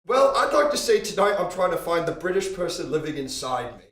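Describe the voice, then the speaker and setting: An American man hosting a livestream, talking throughout in a deliberately bad, exaggerated put-on British accent. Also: high voice, sing-song, fairly bright tone, roomy sound. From United States. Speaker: livestream host. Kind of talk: casual livestream chat.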